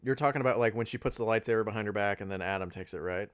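A man's voice: on the low side, racing. A man in casual conversation about a film, analytical, often restarting his sentences and quoting scenes. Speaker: podcast co-host.

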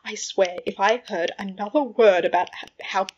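A woman's voice: mid-range voice, normal speed, slight background noise, lightly acted. A woman reading a fan fiction audiobook, voicing a mischievous young prankster wizard who rants in exasperation. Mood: exasperated. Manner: animated, exasperated ranting. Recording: dull lo-fi recording.

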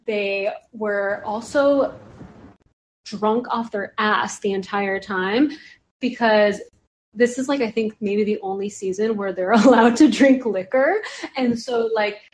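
A woman chats on a podcast in a loose, rambling way, peppering her sentences with "like". Her voice sits at an ordinary middle pitch for a woman. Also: takes it slowly. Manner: rambling, heavy use of "like". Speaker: podcast guest or host. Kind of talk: casual podcast chat.

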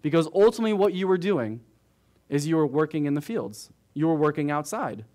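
A man's voice: fairly high pitch, animated, a little fast, a little mellow. A man teaching verse by verse through a book of the Bible to his congregation, talking casually and checking in with frequent asides to the room. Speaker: pastor. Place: church.

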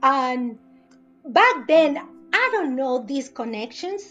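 Chatty middle-aged woman w/ spanish accent, high voice, bit of music behind. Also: slow, highs cut off. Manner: lively, bubbly and talkative. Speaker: interviewee. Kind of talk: personal storytelling.

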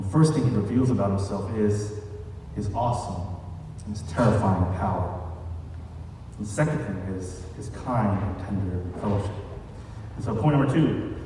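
A man's voice: on the low side, dark tone, slight background noise. A man preaching a sermon in a conversational way, mixing scripture reading with casual asides. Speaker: pastor. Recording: echoey hall, distant mic.

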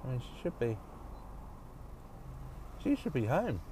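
A man's voice: mid-range voice, sing-song, measured pace, dark tone. A man grumbling and swearing to himself while driving in traffic, with wry asides. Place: inside a car in traffic. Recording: road and engine noise in car.

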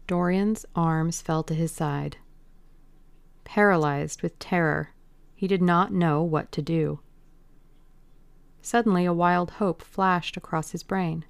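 A woman reading a classic novel aloud as an audiobook narrator, in a slow, deliberate, brooding manner. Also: on the low side, vocal fry, smooth, no room sound.

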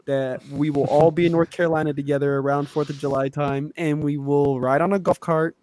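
A man's voice: a little high, steady tone, a little fast, a little mellow, no echo. A man co-hosting a podcast in casual chat, rambling and effusive, swearing often. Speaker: podcast co-host.

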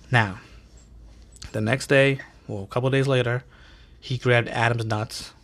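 A man hosting a podcast, telling stories in a casual, animated and profane way full of slang. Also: medium pitch, measured pace, gravelly, long pauses. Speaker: podcast host. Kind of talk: casual storytelling.

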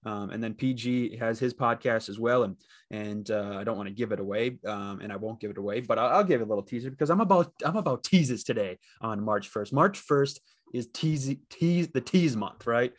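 Solo on his sports betting podcast, this Dakotas native from the Midwest speaks in a fairly low voice and fairly quickly. His talk is loose and meandering, constantly restarting sentences and leaning on fillers.

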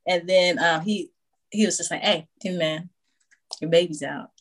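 A woman guest on a podcast casually telling a personal story, animated, acting out what others said and laughing often. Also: fairly low pitch, moderate pace, slightly rough. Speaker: podcast guest, new mother.

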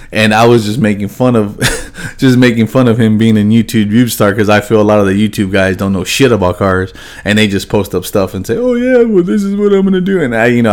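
A young man who runs a car shop, speaking haltingly and choked up as he remembers a friend, his voice heavy and subdued. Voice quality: halting, many fillers and restarts. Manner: subdued and heavy, voice dropping low when grieving. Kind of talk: emotional personal remembrance to viewers.

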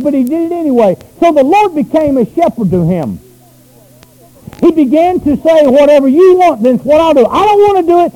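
A pastor preaching a sermon, swinging between loud shouted runs and quiet low asides. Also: male voice, low-quality recording.

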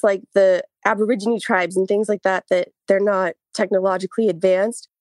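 A woman's voice: medium pitch, fairly even intonation, normal speed, a little mellow, dry recording. A woman co-hosting a podcast in casual chat, out of breath, laughing often and reading notes aloud. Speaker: podcast co-host.

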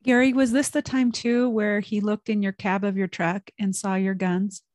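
A woman with a flat, even voice cuts into a story to ask a short question. She apologizes quickly when she interrupts. Her voice is recorded dry and close. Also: medium pitch, no room sound. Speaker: listener asking questions. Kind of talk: casual conversation.

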